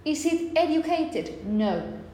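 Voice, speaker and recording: A phonetics teacher with a high-pitched, sing-song voice and a dark tone lectures in a classroom with long reverb and faint hiss. She explains slowly, repeating herself often and checking in with "okay?"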